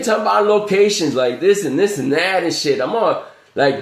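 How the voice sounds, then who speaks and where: A man's voice: fairly high pitch, lively intonation, normal speed, echoey room. A man ranting on a livestream in a loose, profane way, often repeating the same filler phrase. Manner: profane, repetitive, keeps saying "you know what I'm saying". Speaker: livestream host. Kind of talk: rambling livestream rant.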